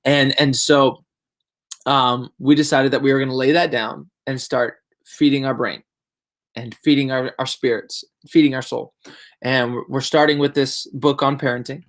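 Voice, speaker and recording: A young adult male pastor giving a casual devotional talk, telling a story with lively, rambling restarts. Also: medium pitch, normal speed.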